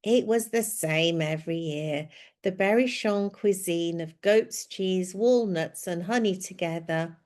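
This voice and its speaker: A woman telling a story in a scripted narration, reading in a gentle, descriptive way. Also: fairly low pitch.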